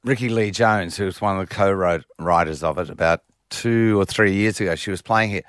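Aussie bloke guest, lowish voice, rambles with lots of ums, dry mic. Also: male voice, brisk, fairly bright tone, smooth, no room sound. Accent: Australian. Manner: rambling, hesitant storytelling. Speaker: musician guest. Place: radio studio.

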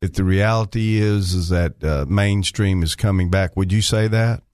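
A man's voice: low-pitched, normal speed, darkish tone, no room sound, clean studio sound. Folksy older man hosting talk radio. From Arkansas. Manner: rambling, folksy, many filler words. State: slightly out of breath. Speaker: guest radio host. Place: radio studio.

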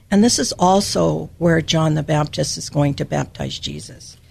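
A woman's voice: deep voice, measured pace, creaky, a little mellow, slightly rough. An older woman from Hawaii giving a personal, emotional devotional Bible teaching as a podcast host.

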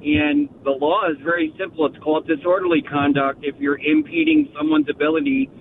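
A man's voice: fairly high pitch, animated, fairly quick. A man calling in to a radio talk show, arguing his point firmly and bluntly. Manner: firm, blunt, insistent. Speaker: caller. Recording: tinny phone line with faint noise.

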